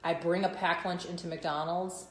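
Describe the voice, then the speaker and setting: A woman, co-hosting a casual chat with quick, chatty asides. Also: lowish voice, level tone. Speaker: podcast co-host. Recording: echoey room with faint noise.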